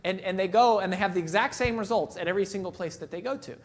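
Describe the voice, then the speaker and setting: A man delivering a motivational keynote in an emphatic, storytelling manner. His voice sits notably high for a man, and he repeats key phrases for weight. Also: quick pace. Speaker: motivational speaker.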